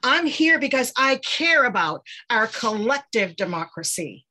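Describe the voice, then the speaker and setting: A woman's voice: fairly high pitch, very animated, unhurried, bright, forceful tone, slight background noise. An older woman gives an earnest, rallying motivational speech over a video call, speaking with a preacher-like cadence. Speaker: guest speaker.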